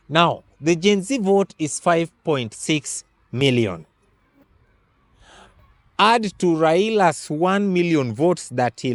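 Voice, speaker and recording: Emphatic political commentator. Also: male voice, a little high, no room sound. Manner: deliberate, emphatic, tallies numbers step by step. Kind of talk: political analysis monologue.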